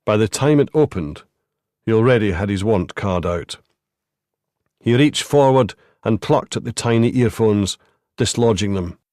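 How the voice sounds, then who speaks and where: A man narrating a crime audiobook in a measured, even way. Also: on the low side, dry recording, studio quality. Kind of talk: scripted narration.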